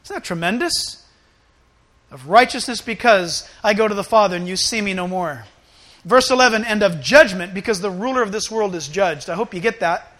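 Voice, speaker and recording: A man preaching a sermon, animated, acting out little scenes and swinging between loud outbursts and hushed asides. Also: high voice, moderate pace. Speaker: pastor.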